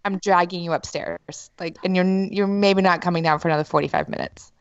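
A woman's voice: lowish voice, steady tone, fairly quick, no echo. A woman co-hosting a casual podcast chat, cracking wry jokes and quips. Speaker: podcast co-host. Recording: slightly dull lo-fi sound.

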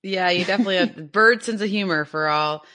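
A woman's voice: fairly low pitch, brisk, bright, forceful tone. A woman co-hosting a casual animal podcast, chatty and enthusiastic, laughing often. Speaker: podcast co-host.

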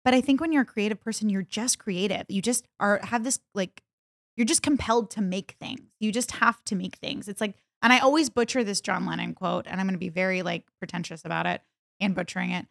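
A woman's voice: mid-range voice, brisk, vocal fry, no echo, clean studio sound. A woman co-hosting a podcast, talking in a casual, rambling, self-deprecating way. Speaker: podcast co-host.

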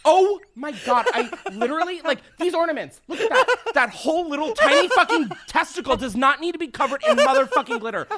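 A man's voice: very high-pitched, very animated, fast talker, hardly any pauses, bright, forceful tone, a little hiss or hum. A man hosting a podcast from a studio set, ranting in casual, profane, exasperated chat. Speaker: podcast host.

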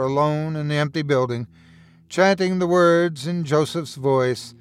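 Man narrating horror stories, higher voice. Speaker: podcast host and narrator. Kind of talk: dramatic horror story narration.

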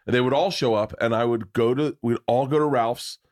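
A man's voice: medium pitch, a little fast, darkish tone. A middle-aged man hosting a podcast, telling rambling, profane, jokey stories in casual chat. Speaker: podcast host.

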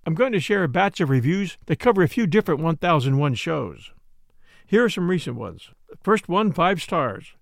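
A man who hosts a podcast and narrates a classic mystery novel in a smooth, measured storytelling voice. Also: a little high, sing-song, dry recording, studio quality.

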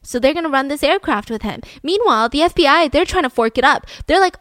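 Animated young woman telling a true story. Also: high-pitched, quick pace, hardly any pauses, dry recording. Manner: animated, slangy, swings between loud and hushed. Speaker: podcast storyteller. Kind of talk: casual storytelling.

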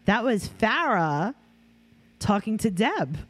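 Animated woman hosting a gossip chat. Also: slow pace, no room sound. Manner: animated, swears freely, acts out quotes in a higher voice. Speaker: podcast co-host. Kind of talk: casual gossip chat, reading quotes aloud.

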